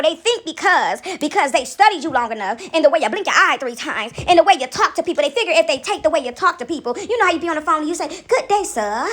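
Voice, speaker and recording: A woman giving a casual spiritual pep talk, preachy and playful, often acting out other people's voices. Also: high-pitched. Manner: animated, preachy, acts out little voices with laughs.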